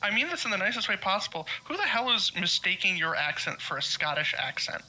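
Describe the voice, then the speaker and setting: A man's voice: high-pitched, very animated, fast, bright, forceful tone, poor audio. A man from the American Midwest who teases his friends bluntly in casual chat. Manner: teasing, blunt.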